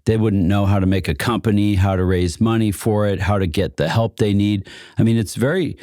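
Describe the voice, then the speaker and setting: A man's voice: on the low side, steady tone, a little fast, warm tone, no room sound, studio quality. A man being interviewed about inventors, telling stories in a loose, chatty way with frequent laughs and restarts. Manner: chatty, laughs often, many fillers and restarts. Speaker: guest who supports inventors. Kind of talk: casual storytelling chat.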